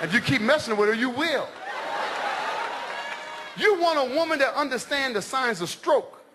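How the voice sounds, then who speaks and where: A middle-aged man doing stand-up comedy on a large stage, loud and animated, shouting his punchlines. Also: very high voice, normal speed. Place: large comedy stage before a live audience. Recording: live show with crowd laughter and noise.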